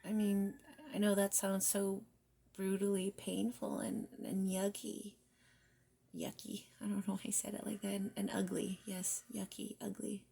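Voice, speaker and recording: Soft-spoken woman with a gravelly fry. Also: medium pitch, completely flat delivery, normal speed. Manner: soft, reflective, drifts into near-whispers; casual, with mild swearing. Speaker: tarot reader. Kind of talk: spiritual guidance reading.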